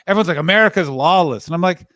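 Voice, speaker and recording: A Canadian man with a slightly raised pitch tells rambling travel stories, slipping into the people he quotes. The sound is close and dry, with no room around it. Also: very fast, a bit bright, no echo. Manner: rambling anecdotes with quoted dialogue. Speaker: podcast co-host. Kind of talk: casual chat, storytelling.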